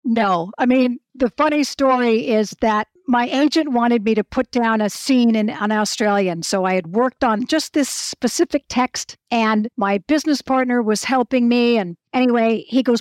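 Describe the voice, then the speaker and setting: A woman in her sixties, a guest telling animated stories with frequent restarts. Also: a little high, normal speed, hardly any pauses, dry recording, studio quality. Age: 60s. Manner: animated storyteller, restarts often. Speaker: actress and guest. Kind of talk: casual interview talk.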